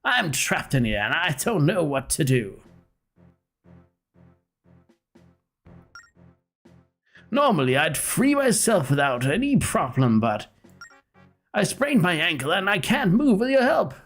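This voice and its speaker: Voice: mid-range voice, sing-song, moderate pace, soft background music, pitched above the performer's own voice. A streamer voicing a cocky, cowardly male ship captain with a smug, wheedling manner. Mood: pleading. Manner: smug, wheedling, talks down to a kid. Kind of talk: voicing game dialogue live.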